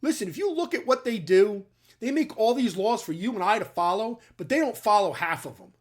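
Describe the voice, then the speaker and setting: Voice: medium pitch, animated, a little fast. A middle-aged military veteran from the New York or New Jersey area, hosting his own channel with blunt, emphatic opinion talk aimed straight at his viewers. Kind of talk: opinionated commentary to camera.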